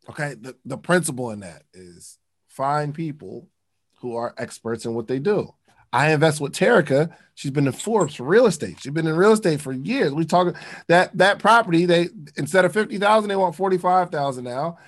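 A man's voice: a little high, lively intonation, normal speed. A man reading passages from a book aloud and breaking in with slangy, casual comments to explain them. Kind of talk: casual teaching talk.

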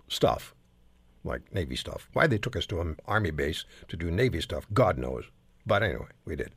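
An older male talk show host from Canada who rambles through self-deprecating anecdotes. His gravelly voice swings widely in pitch. He sounds dry and close to the mic. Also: no echo. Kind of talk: casual panel chat.

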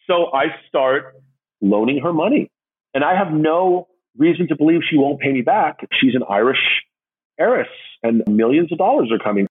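A man's voice: breathy edge, phone-quality sound. A man animatedly telling his own story, acting out the voices of the people in it. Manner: acts out others' voices with big pitch jumps.

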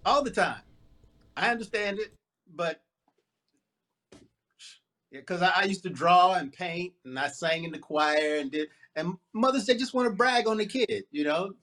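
A man's voice: high-pitched, normal speed, pauses often, bright, forceful tone. A man co-hosting a casual talk show, playful and jokey. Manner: playful, jokey, often laughs. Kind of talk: casual chat.

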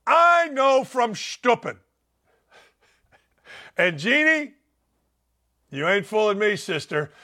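Older male sports radio host; high, bright tone; blunt, animated storyteller. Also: slow, pauses often. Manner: blunt, animated storyteller who acts out quotes. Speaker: sports talk show host. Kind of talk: opinionated sports radio talk.

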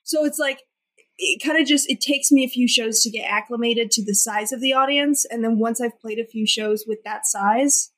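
A woman's voice: fairly high pitch, moderate pace, fairly bright tone, low-quality recording. A young woman singer-songwriter chatting casually as an interview guest, with lots of "like" fillers. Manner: chatty, many "like" fillers, laughs often.

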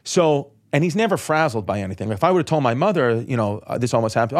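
A man, a comedian guest on a podcast, telling a story in quick, profane bursts and acting out the people he quotes. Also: mid-range voice, expressive. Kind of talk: animated storytelling.

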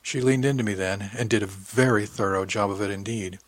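A man's voice: fairly low pitch, steady tone, brisk, no echo. A man reading a first-person audiobook in a wry, intimate storytelling manner. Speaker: audiobook narrator.

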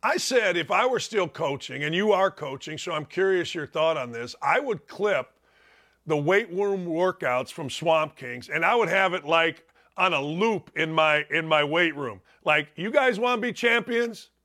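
A man hosting an interview, asking questions in an animated, emphatic way. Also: fairly high pitch, a little slow. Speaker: host. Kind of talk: casual interview talk.

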